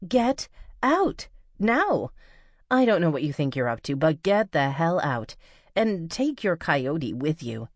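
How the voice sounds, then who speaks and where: A woman voicing a frightened but defiant young woman confronting an intruder, sharp and demanding. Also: fairly low pitch, big pitch swings, a little slow, no room sound, clean studio sound, voice pushed up. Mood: tense.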